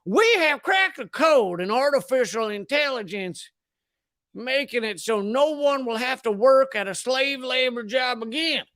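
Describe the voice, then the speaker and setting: A man's voice: extremely high pitch, lively intonation, unhurried, sharp tone, dry recording, clean studio sound, pitched above the performer's own voice, exaggerated voice. A man voicing a proud male scientist who speaks with a Southern accent, earnest and boastful.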